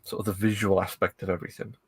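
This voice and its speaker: A man's voice: sits low, little pitch movement, very fast, creaky, husky, no room sound. A man co-hosting a podcast, explaining things in casual chat with stumbling starts. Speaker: podcast co-host.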